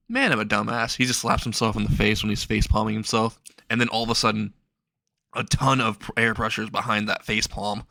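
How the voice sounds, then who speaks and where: A man's voice: lowish voice, steady tone, fairly quick, gravelly, pushed and bright, dry recording. A young man casually narrating a fan story in a rambling way with laughing asides.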